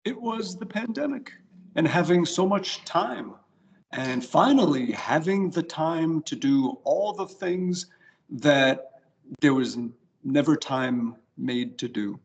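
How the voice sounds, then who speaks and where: A man's voice: on the high side, lively intonation, slow, creaky, highs cut off. A middle-aged man with a New York accent, answering interview questions in a chatty, self-deprecating way. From United States. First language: English. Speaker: guitarist, interview guest.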